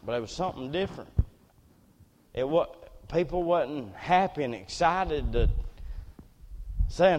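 A man preaching a sermon as personal testimony, earnest storytelling that drops to near hushes and rises again. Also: on the high side, lively intonation, normal speed, pauses often, in a large hall, slight background noise.

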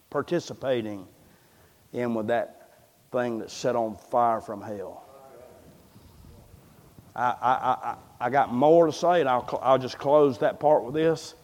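A pastor delivers a sermon in a medium-pitched, slightly mellow male voice, impassioned and folksy, often repeating words as he builds momentum. The long reverb of a large hall surrounds him.

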